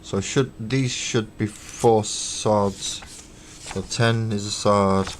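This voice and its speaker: Easygoing male streamer, lowish voice, self-deprecating and a bit sweary, narrating his hobby work live. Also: steady tone, slow, slight background noise. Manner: chatty and self-mocking, counts parts aloud, swears casually. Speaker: streamer building miniatures. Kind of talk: casual live-stream chat while working. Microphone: webcam stream.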